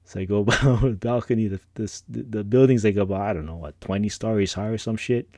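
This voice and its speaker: Laid-back, low-voiced man telling stories. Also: a little fast, a little mellow, no room sound. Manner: laid-back, rambling, frequent laughs and slang. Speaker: podcast host. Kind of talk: casual personal storytelling.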